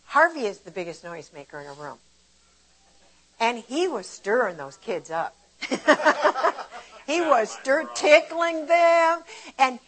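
An older woman giving a casual devotional Bible teaching, conversational and animated as she explains verses and tells stories from her own life. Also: a little high, poor audio. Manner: conversational and animated, shifting between warm explanation and lively retelling.

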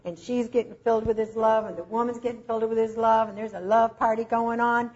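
A woman preacher delivering a sermon in an emotive, slow and emphatic way, recorded with dull lo-fi sound. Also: fairly high pitch, steady tone, darkish tone.

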